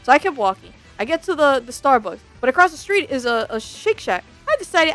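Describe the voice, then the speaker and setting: High-pitched girl ranting about her bad day, swears a lot, soft music behind. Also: fairly quick. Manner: profane, exasperated, animated. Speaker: vtuber storyteller. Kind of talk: casual storytime rant. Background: faint background music.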